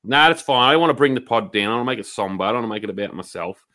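A man's voice: lowish voice, expressive, very fast, sharp tone. A man with an Australian accent co-hosting a podcast in casual, rambling banter and swearing freely. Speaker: podcast co-host.

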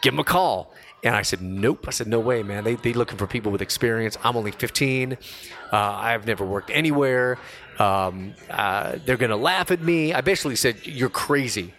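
On a podcast, a radio host in his forties chats casually in a mid-range voice at a brisk pace. He tells a story in a slangy, lively way, fully throwing himself into the voices he quotes.

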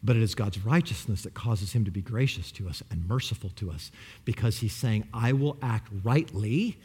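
A man preaching a sermon with passion, swinging between loud pleading and hushed, near-whispered lines. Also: lowish voice, normal speed, slightly rough. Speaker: pastor.

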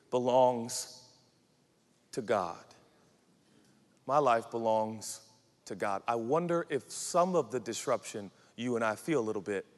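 A man from the Pacific Northwest preaching a sermon, animated, acting out quotes and swinging between shouts and hushed lines. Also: medium pitch. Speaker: pastor. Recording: reverberant hall.

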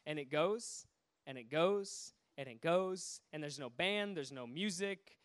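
A man preaching, telling stories with animated swings between hushed asides and loud bursts. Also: fairly high pitch, a little slow, smooth. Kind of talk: sermon storytelling.

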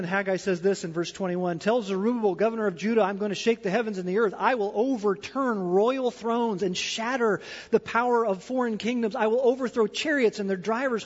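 A male pastor preaching a sermon, swinging between loud emphatic declarations and hushed asides to the congregation in a church sanctuary. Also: high voice, breathy edge. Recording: dull sound with long hall reverb.

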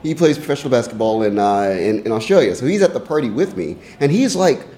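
A man's voice: mid-range voice, fast. A man in his thirties, a guest on a podcast, telling stories in casual chat and acting out what people said. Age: 30s. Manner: animated storyteller, acts out quotes. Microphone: studio microphone.

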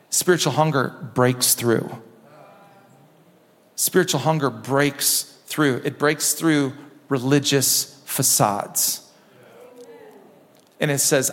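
High-voiced man preaching in a church. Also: takes it slowly, long pauses. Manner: impassioned preaching, repeats phrases, drops low and soft for emphasis. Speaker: pastor. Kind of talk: sermon. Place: church sanctuary. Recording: long reverb of a church hall.

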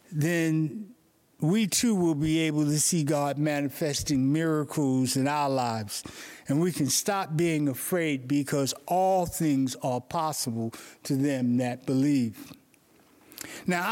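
A man's voice: on the high side, a little mellow. A male pastor preaching an earnest morning sermon, telling stories to make his points.

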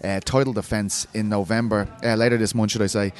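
A man's voice: fairly low pitch, level tone, a little fast, faint music behind. A man hosting a podcast, asking rambling, chatty questions. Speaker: podcast host. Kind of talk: casual interview chat.

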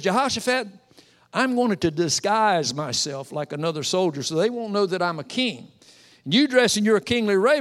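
A man preaching a sermon in a church, retelling a Bible story with lively storytelling and voicing its characters. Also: high-pitched. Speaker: pastor. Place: church sanctuary. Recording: long reverb of a hall.

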